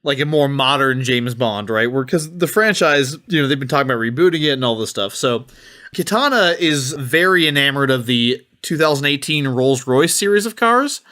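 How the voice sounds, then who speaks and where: A man's voice: medium pitch, lively intonation, normal speed, pushed and bright. Wry rambling man podcaster. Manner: wry, rambling, swears casually. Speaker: podcast panelist. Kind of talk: comedic debate pitch.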